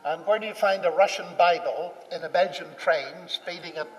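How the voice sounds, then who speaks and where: A high-voiced man tells a personal story at normal speed, animated and acting out the dialogue. The mic is distant, and a reverberant hall surrounds his anecdote.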